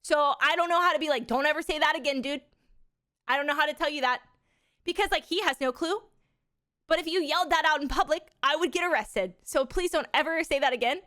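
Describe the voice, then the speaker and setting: Chatty young mother, animated and dry. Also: sits high, a little fast, no room sound. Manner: animated storytelling with frequent swearing and laughter. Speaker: livestreamer. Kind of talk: casual chat with viewers.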